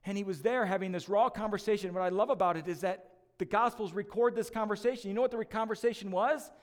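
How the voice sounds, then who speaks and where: Male lead pastor, very high pitch, conversational and emphatic preaching with joking asides. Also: fast, long reverb tail. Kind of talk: sermon.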